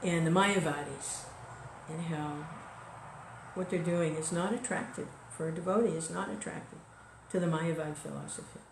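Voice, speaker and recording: A woman's voice: deep voice, normal speed, slight background noise. Woman giving a casual spiritual talk, roomy sound. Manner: conversational, many fillers and "you know". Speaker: devotional speaker. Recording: echoey room recording.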